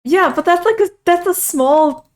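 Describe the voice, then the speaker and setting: A woman's voice: very high voice, measured pace, crowd noise. A young woman in casual chat who hedges, laughs often and pushes back.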